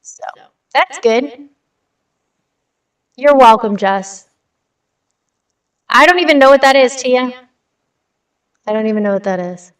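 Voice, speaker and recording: A blunt, chatty woman hosts a casual livestream, reading news aloud and answering her chat. Her smooth, slightly high voice is expressive and slow, with long pauses, and she sounds a bit distant with light reverb.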